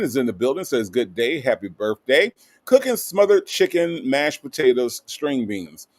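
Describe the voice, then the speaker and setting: A man from the American South, hosting a livestream in a casual, upbeat way and greeting viewers by name with playful asides. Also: medium pitch. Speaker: livestream host. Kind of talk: casual chat reading live comments.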